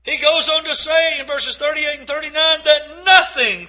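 Male preacher, very high bright voice, emphatic sermon delivery, dull lo-fi recording. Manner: earnest, emphatic preaching with slow stressed phrases and scripture readings.

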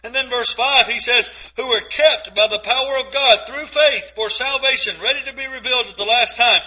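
Male preacher, very high bright voice, emphatic sermon delivery, dull lo-fi recording. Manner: earnest, emphatic preaching with slow stressed phrases and scripture readings.

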